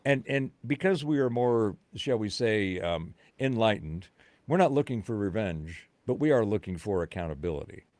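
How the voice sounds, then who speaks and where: A man's voice: lowish voice, animated, moderate pace, darkish tone, no room sound. A man, a podcast guest, explaining his views in an emphatic, conspiratorial way. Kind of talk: casual chat.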